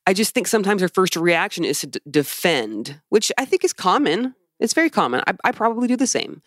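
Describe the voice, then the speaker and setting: A woman's voice: mid-range voice, very animated, fairly quick, dry recording, studio quality. A woman co-hosting a podcast, telling personal stories in a heated, emphatic way. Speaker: podcast co-host. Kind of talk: casual chat.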